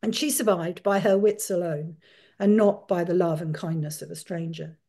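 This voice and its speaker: A woman author giving a talk, telling a family history in an earnest, measured storytelling way. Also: lowish voice, fairly even intonation, dark tone. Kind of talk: storytelling lecture.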